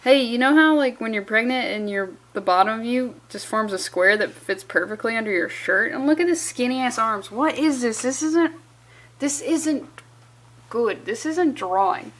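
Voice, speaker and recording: A woman's voice: fairly high pitch, expressive, moderate pace, a bit bright. A young adult woman reviewing a comic in a sarcastic, profane, exasperated rant. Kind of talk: sarcastic ranting commentary.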